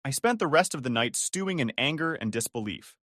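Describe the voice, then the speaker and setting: A man's voice: medium pitch, lively intonation, fairly quick, fairly bright tone, no echo, clean studio sound. A male text-to-speech voice narrating a first-person family drama story.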